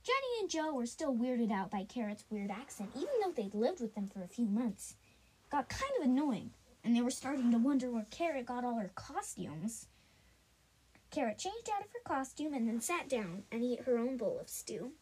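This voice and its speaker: A woman improvising a told story, halting often with restarts and fillers. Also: fairly high pitch, big pitch swings, darkish tone, husky, poor audio.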